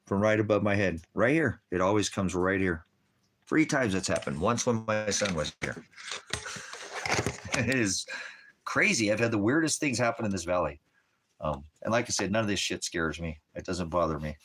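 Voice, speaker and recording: Rambling, profane man with a lowish voice. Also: animated, moderate pace, a bit bright. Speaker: ministry leader. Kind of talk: casual livestream talk.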